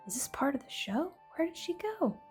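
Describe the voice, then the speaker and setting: A frantic, lovestruck young count from a children's storybook, played by a woman and shouting his lines with urgent bravery. There is faint music under the voice. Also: high-pitched, sing-song, normal speed, voice pushed up.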